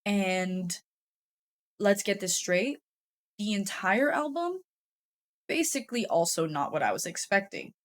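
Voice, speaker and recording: A woman's voice: mid-range voice, expressive, unhurried, pauses often. A woman YouTube commentator giving casual, chatty commentary, swearing freely and laughing often.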